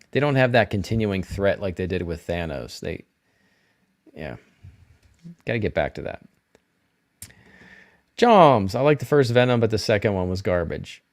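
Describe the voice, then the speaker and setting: A middle-aged man hosting a live stream, rambling casually and answering viewers' chat comments. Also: lowish voice.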